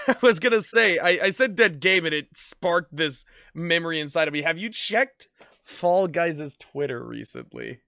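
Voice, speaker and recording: A man's voice: on the high side, lively intonation, normal speed, vocal fry, sharp tone, no echo, clean studio sound. A man co-hosting a podcast in casual chat, laughing often and repeating words in bursts. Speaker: podcast co-host.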